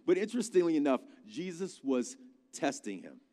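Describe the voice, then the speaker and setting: A man preaching a conversational sermon, telling a Bible story with lively asides. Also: on the high side, normal speed. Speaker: pastor. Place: large church hall. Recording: reverberant hall.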